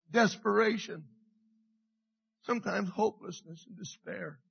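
A middle-aged man preaching a sermon with passion, dropping to a hush and rising again, repeating his phrases. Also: sits high, moderate pace, creaky, slightly rough, dull audio. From Canada. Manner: passionate, swings from hushed to loud, repeats phrases. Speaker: pastor.

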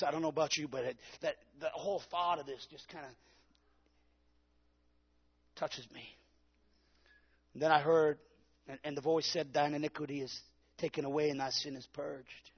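A man with a high, gravelly voice delivers a Pentecostal sermon, building to shouts and tossing questions out to the congregation. His voice is husky, and the recording sounds dull and lo-fi. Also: steady tone, moderate pace, pauses often. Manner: preaches with rising shouts and call-and-response. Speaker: pastor.

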